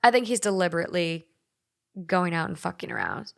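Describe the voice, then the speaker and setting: A woman's voice: fairly low pitch, very animated, a little fast, vocal fry. A young woman with a light Minnesotan accent hosting a podcast, chatting casually, swearing freely and reading listener stories aloud. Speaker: podcast host.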